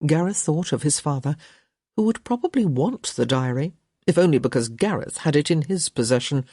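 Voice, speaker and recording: A woman narrating a romance audiobook with expressive storytelling. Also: deep voice, moderate pace, husky, dry recording, clean studio sound. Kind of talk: scripted narration.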